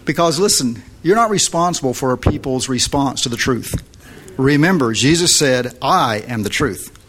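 A man's voice: medium pitch, lively intonation, normal speed, a bit bright, husky. A man hosting a Christian talk show, giving encouraging advice to a caller and then leading a prayer. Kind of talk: pastoral advice and closing prayer.

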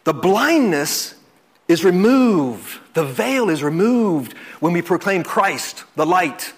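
Male pastor, fairly high voice, earnest sermon delivery that drops to soft, drawn-out lines. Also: big pitch swings, slightly rough. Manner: earnest, repeats words, swings from loud to soft and slow. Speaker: preacher.

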